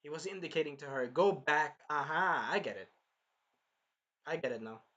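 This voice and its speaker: A man excitedly recapping an anime episode on camera, swearing, apologizing and acting out the scenes. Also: on the high side, brisk, lo-fi sound. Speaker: anime reviewer.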